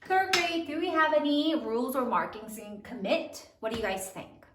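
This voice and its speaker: A woman teacher dictating spelling words slowly and clearly, sounding each one out. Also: high-pitched, noisy background. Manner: slow, clearly enunciated word dictation. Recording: roomy, from a distance.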